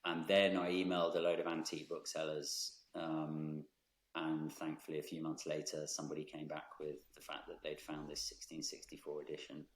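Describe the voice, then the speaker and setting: A man, a brand founder speaking as a guest in a podcast interview, thoughtful and measured with frequent ums. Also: extremely low pitch, level tone, roomy sound.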